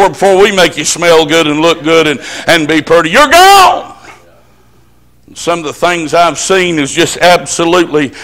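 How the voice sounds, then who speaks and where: Man, preacher, high-pitched, folksy emphatic storytelling sermon. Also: fairly bright tone. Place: church service.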